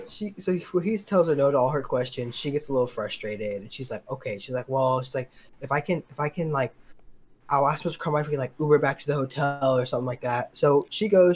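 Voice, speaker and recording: A young man with a mid-range voice tells a long, rambling story on a casual podcast. He leans on fillers and acts out the dialogue as he goes. A faint hiss of noise sits behind him. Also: medium pitch. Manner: rambling, filler-heavy storytelling with acted-out quotes. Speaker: podcast co-host.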